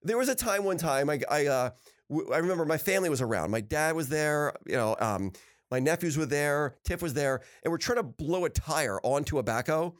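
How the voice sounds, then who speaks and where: Man, podcast host, lively swooping voice, slightly high, upbeat storyteller, laughs often. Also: brisk. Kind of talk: casual storytelling chat.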